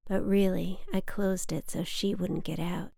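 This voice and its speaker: A young adult woman reading her personal essay aloud in a hushed, often whispered, intimate way. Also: on the low side, flat delivery, a little slow, vocal fry, no room sound, studio quality. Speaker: narrator of her own memoir.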